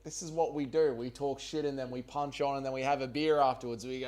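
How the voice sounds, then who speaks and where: A man's voice: mid-range voice, fairly even intonation, fairly quick, hardly any pauses, over music. Joking Australian man hosting a stream. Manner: swearing, joking banter with chat. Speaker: livestream host. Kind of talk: casual livestream chat, reading chat aloud.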